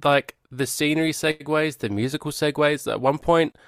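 A man's voice: on the high side, moderate pace, a bit bright, dry recording, studio quality. A man co-hosting a podcast, casually griping about a film with wry exasperation. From Scotland. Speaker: podcast co-host. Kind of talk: casual chat.

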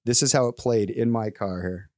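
A man co-hosting a podcast, telling stories in a casual, animated way and acting out the people in them. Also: fairly low pitch, normal speed, no room sound, studio quality. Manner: animated storyteller who acts out the people in his stories. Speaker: podcast co-host. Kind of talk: casual chat.

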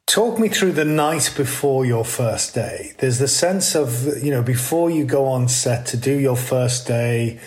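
Male interviewer, slow unhurried delivery, thoughtful questions, mid pitch. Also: a little mellow.

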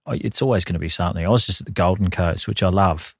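A man, in his thirties, trading laid-back, wry banter in a casual chat. His voice is very deep, and the sound is dry and close to the mic. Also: fast talker, slightly rough, dry recording.

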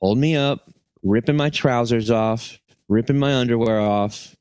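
A man's voice: medium pitch, normal speed, darkish tone, smooth, no echo. A man co-hosting a comedy podcast, rambling through absurd bits and breaking into giggles. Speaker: podcast co-host. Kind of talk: comedic casual chat.

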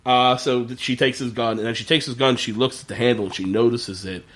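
A man in casual podcast chat, recapping a TV episode in an animated way with plenty of fillers and swearing. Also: mid-range voice, brisk. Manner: animated, profane, lots of fillers. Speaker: podcast co-host.

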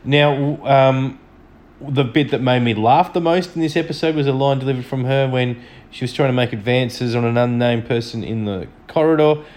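A man's voice: medium pitch, moderate pace, a little mellow. A man hosting a solo podcast, chatting enthusiastically and a little self-deprecatingly as he reviews an episode from home. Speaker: podcast host. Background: dog snoring.

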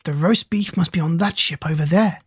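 A fussy, watchful storybook duck frets and warns of trouble, as the audiobook reader puts her on. The voice is husky and close, with a dry sound. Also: medium pitch, normal speed, no echo. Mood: fretful. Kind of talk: audiobook character voice.

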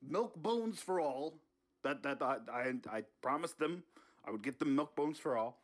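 A man doing a husky, rambling old politician. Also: a little high, animated, normal speed. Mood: pleading. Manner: rambling, stammering, repeats words. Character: brash older male politician sneaking into a house.

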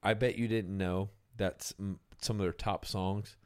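A man's voice: fairly low pitch, fairly even intonation, measured pace, darkish tone, smooth. A young man hosting a casual podcast chat about music, loose and profane, often trailing off and restarting.

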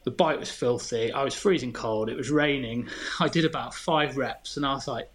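A man's voice: mid-range voice, moderate pace, fairly bright tone. A man, a podcast guest chatting casually and telling candid, self-deprecating stories. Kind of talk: casual chat.

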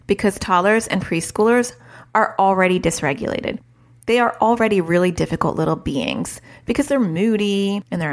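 A woman hosting a parenting podcast, talking frankly and casually and laughing at herself now and then. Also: medium pitch. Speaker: podcast host, parenting educator.

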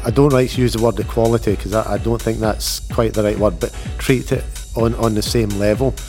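Measured low-voiced football coach. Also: male voice, steady tone, darkish tone, faint music behind. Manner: measured, thoughtful. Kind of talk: interview answer.

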